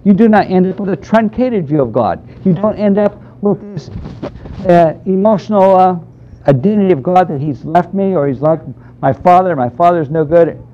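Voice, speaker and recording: A man's voice: sits high, expressive, moderate pace, slight background noise. Man giving a dull-sounding Bible lecture. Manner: emphatic, conversational teaching with fillers. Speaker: Bible teacher.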